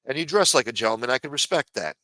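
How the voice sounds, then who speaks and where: Profane ranting man, sharp voice. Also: mid-range voice, animated, quick pace, no echo, rough recording. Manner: angry, profane, scolding. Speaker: livestream co-host. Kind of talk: heated livestream rant.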